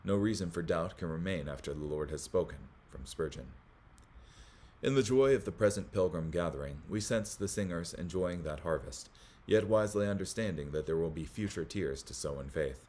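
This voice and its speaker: A man hosting a Bible study, reading commentary aloud in a measured way, with small slips that he corrects as he goes. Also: low voice, a little mellow.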